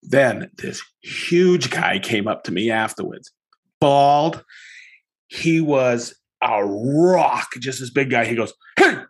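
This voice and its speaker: Brief: male podcast host, mid-pitched, relaxed chat, animated storyteller. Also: takes it slowly, slightly rough. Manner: animated storytelling, chatty with many restarts. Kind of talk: casual chat.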